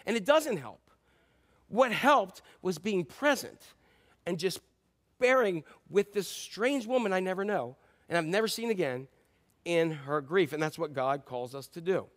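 This is a middle-aged male pastor in mid-sermon, whose voice sits high and sounds animated while running a little slow. He relates stories as if chatting, swinging from forceful emphasis to soft side remarks.

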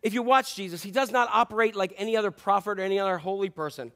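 This man speaks very fast in a high-pitched, fairly bright voice. He's a pastor giving a sermon in a chatty, joking style, quizzing his congregation and acting out scripture quotes in playful voices.

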